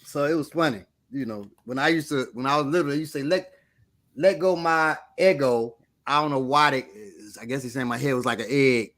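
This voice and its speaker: A man's voice: mid-range voice, a little fast. A middle-aged man co-hosting a casual talk show, telling funny stories animatedly and laughing often. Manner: animated storyteller, laughs a lot. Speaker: podcast co-host. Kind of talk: casual chat.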